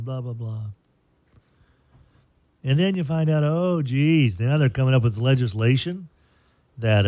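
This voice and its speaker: A man's voice: mid-range voice, mellow, no echo. A man co-hosting a radio show in casual, rambling, joking chat. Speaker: radio host.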